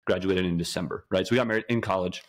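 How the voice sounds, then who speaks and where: Fast-talking man telling a story. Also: sits low. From Colorado. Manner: animated, keeps asking "okay?". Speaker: guest. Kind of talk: casual storytelling.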